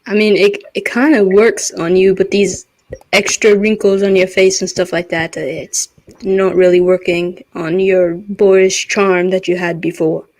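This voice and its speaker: A woman's voice: mid-range voice, level tone, unhurried, a little mellow, no room sound, poor audio. A woman playing a tabletop game, talking hesitantly and restarting sentences. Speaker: player. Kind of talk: casual tabletop role-play.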